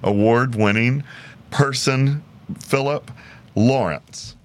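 A man's voice: medium pitch, takes it slowly. A man hosting an interview podcast in an upbeat, enthusiastic way, chatting casually over a video call. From Houston, Texas. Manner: upbeat, enthusiastic, laughs often. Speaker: podcast host.

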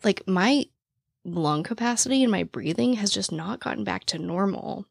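A young woman hosting a podcast in casual chat, with a naturally raspy voice, talking very fast and out of breath. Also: medium pitch, animated, no echo, studio quality. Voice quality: naturally raspy voice with vocal fry. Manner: talks very fast, breathless and rambling. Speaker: true crime podcast host. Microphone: podcast mic, standing while recording.

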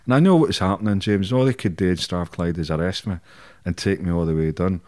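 A man's voice: sits low, fast talker, mellow, dry recording, studio quality. A middle-aged man with a Scottish accent, telling stories as an interview guest in a blunt, sweary, chuckling way. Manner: blunt, heavy swearing, chuckles through anecdotes. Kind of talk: casual storytelling.

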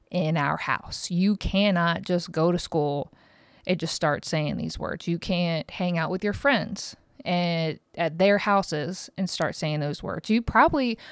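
Low, smooth-voiced woman podcaster. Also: dry recording, clean studio sound. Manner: rambling, frank, swears casually. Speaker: podcast host. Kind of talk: casual monologue.

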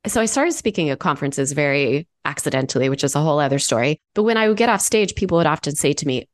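A woman in her forties, a guest consultant giving articulate, lively interview answers and laughing easily. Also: sits low, brisk, hardly any pauses.

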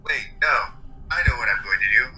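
A man playing a tabletop game with sarcastic, deadpan jabs at the others. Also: medium pitch, fairly quick, over loud music, low-quality recording. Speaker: player. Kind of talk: casual tabletop game play.

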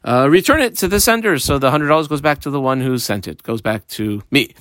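A man's voice: medium pitch, lively intonation, brisk, a bit bright. A man walks his listeners through a Talmud page line by line, his voice rising and falling with real animation. He plays out the characters with modern examples and keeps a playful tone. The sound is dry and close, with no room echo. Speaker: Talmud teacher.

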